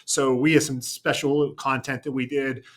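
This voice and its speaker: A man's voice: medium pitch, little pitch movement, normal speed. A man co-hosting a casual station chat show, telling a long story with many restarts and fillers. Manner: rambling, self-correcting storytelling. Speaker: TV news anchor.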